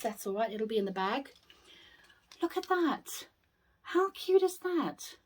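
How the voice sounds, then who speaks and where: Gushing British woman, higher voice. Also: husky. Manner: chatty, gushing, exclaims over items. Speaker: haul vlogger. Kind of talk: casual haul video chat.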